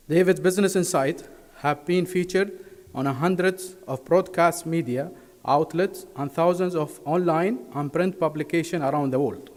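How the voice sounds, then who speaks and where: A man hosting a corporate event, reading a formal, measured introduction of the speaker. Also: a little high, a little mellow. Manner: reads formally, careful and measured. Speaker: event host. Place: large conference hall. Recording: reverberant hall sound.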